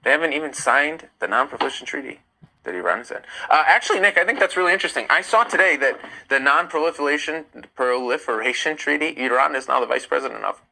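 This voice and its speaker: A man's voice: fairly high pitch, fast talker, gravelly, rough recording. A young man hosting a casual live stream, animatedly reading and answering viewer comments. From United States. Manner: animated, argumentative, reads comments aloud. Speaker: livestream host.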